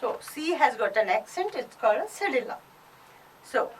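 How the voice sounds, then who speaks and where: A woman with an Indian English accent teaches beginners French, taking her time over each word. Her voice sits high and moves up and down a lot as she drills. She sounds set back from the microphone. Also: sing-song, far from the mic, a little hiss or hum, rough recording. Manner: slow, deliberate teacher drilling pronunciation. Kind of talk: recorded online class.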